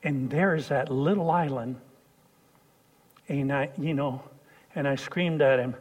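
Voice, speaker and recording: A man preaching a sermon, telling a personal story and swinging from hushed lines to loud shouts. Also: medium pitch, moderate pace, husky.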